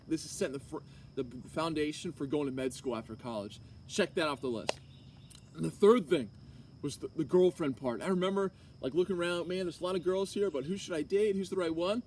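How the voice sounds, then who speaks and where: A man's voice: a little high, darkish tone. A young man giving an earnest, casual personal testimony to a class, full of filler likes and restarts. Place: classroom or hall. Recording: distant mic with faint room noise.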